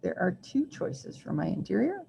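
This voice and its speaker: A woman's voice: lowish voice, big pitch swings, normal speed, vocal fry, dark tone. A woman teaching a recorded math lesson, chatty and self-deprecating, thinking aloud as she draws. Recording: muffled lo-fi recording, faint hiss.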